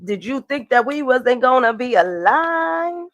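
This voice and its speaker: A woman's voice: sits high, expressive, unhurried, no room sound. Chatty woman reading tarot, dry close sound. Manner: chatty, swearing, laughing asides. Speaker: tarot reader. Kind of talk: casual astrology and tarot reading.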